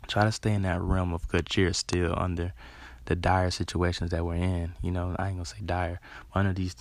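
A man giving a rambling, earnest motivational talk, filling pauses with "you know" and swearing casually. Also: sits low, level tone, no room sound.

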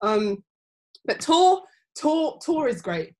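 A woman's voice: sits high, big pitch swings, slow, darkish tone. A woman in her twenties telling a long story in casual chat, rambling with lots of "um" and "like". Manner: rambling storytelling with many fillers.

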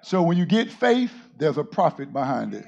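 A male pastor preaching a sermon, often shouting to his congregation and calling on them to answer. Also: on the high side, very animated, normal speed, gravelly, dull audio.

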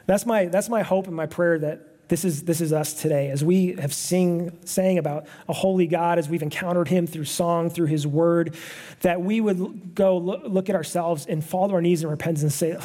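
A man's voice: on the high side, moderate pace, mellow. A man preaching a sermon as pastor, earnest and conversational, often checking in with his listeners. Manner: earnest, conversational preaching with frequent "right?" asides.

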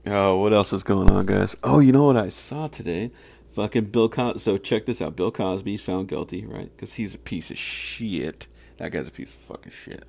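A man's voice: on the low side, moderate pace, vocal fry, darkish tone. A man hosting a solo podcast, ranting casually with heavy profanity and rambling asides. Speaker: podcast host.

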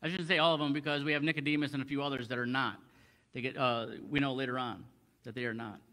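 Bright-voiced man preaching on scripture. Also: medium pitch, fairly even intonation, quick pace. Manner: conversational, many restarts, quoting scripture in old English. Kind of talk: expository Bible teaching.

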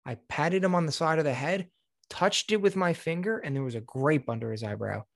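A man's voice: a little high, a little fast, creaky, no echo, studio quality. A young man co-hosting a podcast, telling a story in a casual, profane way and acting out what people said. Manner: animated, profane, acts out quotes. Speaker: podcast co-host.

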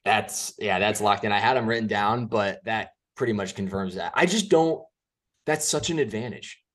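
A man co-hosting a sports podcast, talking excitedly and often breaking off and restarting his sentences. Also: on the low side, normal speed. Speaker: co-host. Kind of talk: casual sports podcast chat.

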